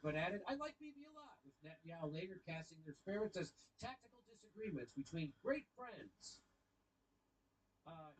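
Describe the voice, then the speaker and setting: A man's voice: a little high, slight background noise, poor audio. A man streaming, reading news headlines aloud and adding blunt commentary between the quotes. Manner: reads quotes, then adds blunt asides.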